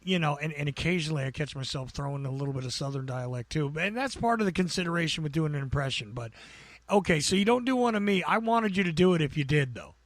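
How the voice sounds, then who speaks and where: Man, New Jersey accent, higher-pitched voice, rambling podcast co-host who laughs often. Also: animated, fast, dry recording. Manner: chatty, rambling, laughs as he talks. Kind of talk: casual chat.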